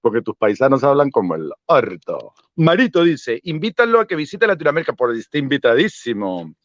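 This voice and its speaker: A man's voice: mid-range voice, very animated, fast, dry recording, lo-fi sound. A man, chatting casually and switching between English and on a travel livestream. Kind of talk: casual live-stream chat.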